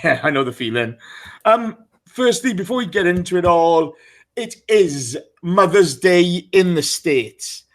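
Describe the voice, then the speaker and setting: Man, podcast host, chatty and teasing, slightly higher voice. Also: expressive, unhurried. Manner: chatty, teasing, greets listeners by name. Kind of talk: casual live podcast chat.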